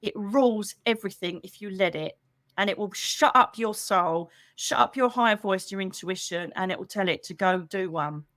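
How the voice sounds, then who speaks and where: A middle-aged psychic medium chats casually with members on a livestream, animated and talkative, calling her viewers pet names like "darling." Her mid-range voice moves at a normal speed, recorded clean in a studio with no room sound.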